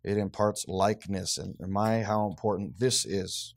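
A man leading a Bible study with a small group, reading scripture aloud with rising force and then explaining it in a relaxed, conversational way. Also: fairly low pitch, a little slow, gravelly. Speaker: Bible teacher.

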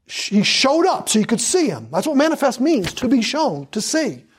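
Husky fervent preacher man. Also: extremely high pitch, very animated. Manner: fervent, hammering repetition, drawn-out emphasis on scripture. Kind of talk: sermon.

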